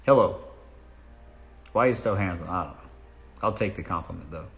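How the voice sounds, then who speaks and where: A man's voice: low voice, fairly quick, gravelly, fairly bright tone. Blunt Southern man in an echoey room. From South Carolina. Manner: blunt, profane, joking. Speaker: live-stream host answering dating questions. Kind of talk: casual live-stream Q&A. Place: room in his home.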